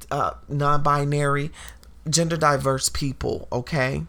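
Gravelly-voiced woman podcasting with passion. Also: low voice, fairly bright tone. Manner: emphatic, preachy, addresses listeners as y'all. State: emotional. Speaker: podcast host. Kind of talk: impassioned podcast monologue.

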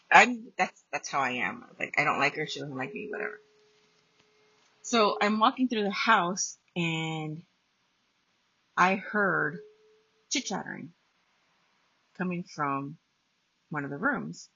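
A woman's voice: low voice, a little slow, long pauses, bright, forceful tone, breathy edge, no echo. A woman podcast host telling a personal ghost story in a blunt, profane, casual way. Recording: dull lo-fi dry recording.

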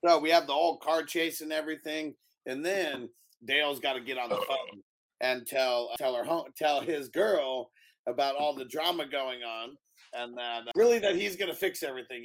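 A man co-hosting a podcast, casually retelling movie scenes in an animated way with frequent laughter. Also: mid-range voice, moderate pace. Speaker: podcast co-host. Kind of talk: casual movie review chat.

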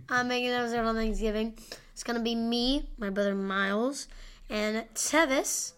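A woman hosting a homemade sports-prediction podcast on her own. Her voice sits a touch high and sounds crisp and bright. She rambles from point to point, full of fillers and off-hand asides. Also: fairly even intonation, a little slow, long pauses, a little hiss or hum. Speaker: podcast host. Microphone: home podcast microphone with gain turned high.

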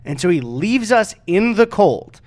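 A man's voice: a little high, lively intonation, brisk. A man co-hosting a podcast, telling a story in a casual, rambling way, full of fillers and swearing. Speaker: podcast co-host.

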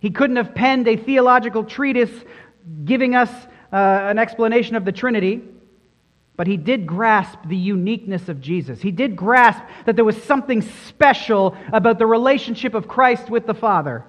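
Emphatic high-voiced male preacher in a hall. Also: moderate pace. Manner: earnest and emphatic, stressing key words. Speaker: pastor. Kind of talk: sermon. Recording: dull sound with long hall reverb.

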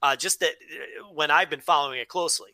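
A man from the United States co-hosting a casual podcast, animated and swearing freely with many restarts. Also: on the high side, fairly quick, gravelly, no room sound. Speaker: podcast co-host. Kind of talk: casual chat.

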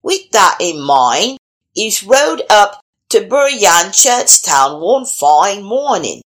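Woman reading a storybook out loud, slow and really expressive, lively ups and downs. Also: mid-range voice. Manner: expressive, animated. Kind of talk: storybook read-aloud.

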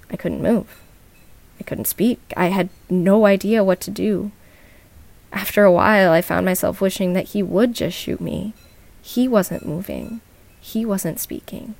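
Woman reading a scary true story on a podcast, lots of vocal fry, slow dramatic pauses. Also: mid-range voice. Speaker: podcast host and narrator.

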